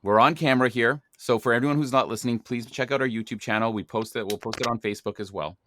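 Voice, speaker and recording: A man's voice: mid-range voice, fast, background noise. A man hosting a podcast in a playful, theatrical announcing manner. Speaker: podcast host.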